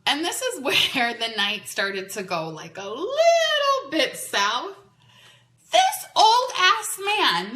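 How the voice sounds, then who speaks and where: A woman hosting a podcast, telling a long story in a chatty, animated way that is full of "like" fillers. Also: mid-range voice. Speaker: podcast host. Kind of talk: casual storytelling monologue. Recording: roomy echo.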